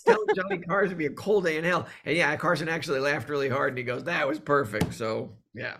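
A male comedian telling animated stories as a guest in an interview, acting out the voices he quotes. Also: fairly high pitch, fast talker, creaky, a little hiss or hum. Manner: animated storyteller who acts out quoted voices. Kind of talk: storytelling in a conversational interview.

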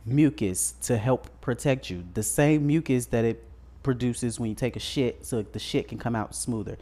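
A man's voice: medium pitch, moderate pace, warm tone. A man co-hosting a podcast in a casual chat, telling a story bluntly with crude slang. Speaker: podcast co-host.

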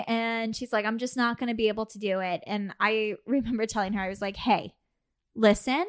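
A woman talks through a personal story on a podcast in a slightly high voice. She is animated, slips into the voices of the people she quotes, and laughs between lines. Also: a little fast. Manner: animated, acts out quoted dialogue, laughs often. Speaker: podcast co-host. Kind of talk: casual storytelling chat.

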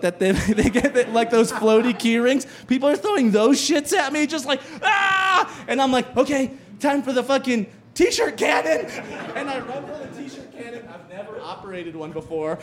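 Animated, high-voiced comedian man telling a story. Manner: animated, profane, shouts in quoted voices. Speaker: stand-up comedian. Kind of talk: live storytelling performance. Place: live stage show.

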